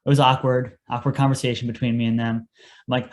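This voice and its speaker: An earnest young man talks casually as a podcast guest, telling how he got into his line of work. He speaks at an ordinary middle pitch and quotes his own past words as he goes. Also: little pitch movement, a little fast. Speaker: guest, paramedic.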